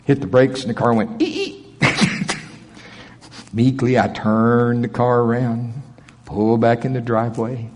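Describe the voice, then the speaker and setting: Husky middle-aged pastor, folksy and chuckling. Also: male voice, medium pitch, level tone, unhurried, pauses often. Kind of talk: conversational sermon with storytelling. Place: large auditorium. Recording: long reverb of a big auditorium.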